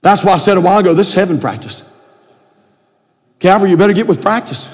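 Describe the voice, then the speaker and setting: Male pastor with a very high voice, preaching with shouted emphasis in a church with long reverb. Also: quick pace. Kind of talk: sermon. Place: church sanctuary.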